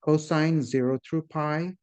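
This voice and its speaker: A man's voice: on the high side, steady tone, measured pace, a little mellow, clean tone. A man teaching a math class, explaining step by step and often checking in with his students. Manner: addresses the class as "guys", invites questions. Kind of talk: classroom lecture.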